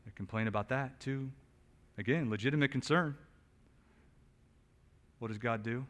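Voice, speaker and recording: A male pastor delivering an expository sermon in a mid-pitched voice. He builds to loud emphatic peaks and then falls back to a quiet, conversational tone. Small restarts slip into his asides. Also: moderate pace, pauses often.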